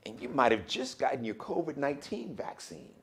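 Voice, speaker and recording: A man hosting a live daily show, giving an animated, preachy monologue that swings between loud outbursts and hushed warnings. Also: mid-range voice, brisk, creaky.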